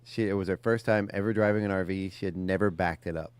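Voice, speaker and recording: Man, radio co-host, very low voice, smooth and resonant, easygoing storyteller, studio mic. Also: fairly even intonation, no echo. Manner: easygoing, unhurried anecdote telling. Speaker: radio morning show co-host. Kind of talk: casual on-air chat and storytelling. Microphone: studio microphone.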